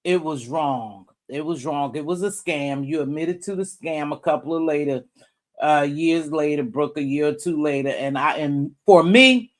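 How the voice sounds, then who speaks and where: A middle-aged woman hosting a casual livestream, chatting with viewers and giving gossip commentary, her voice jumping high when she gets worked up. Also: moderate pace. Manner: animated, jumps high when worked up, reads out and greets chat viewers. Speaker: livestream host.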